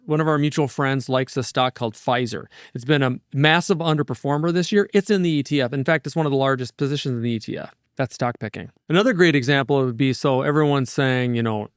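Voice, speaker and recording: A man in his fifties speaks as an interview guest, tumbling from one example into the next with restless energy. His voice is smooth and resonant at a middle pitch. It is recorded dry and close, with no room sound. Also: fast, hardly any pauses, dry recording. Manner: energetic, rambling, digressive storyteller. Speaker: market strategist guest. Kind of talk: casual interview talk.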